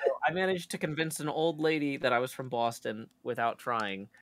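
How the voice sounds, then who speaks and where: A man co-hosting a live stream, with a gravelly, creaky voice at a middle pitch. He rambles casually and fills his talk with hedges and restarts. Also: lively intonation, brisk, dry recording. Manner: rambling, full of fillers. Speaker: stream co-host.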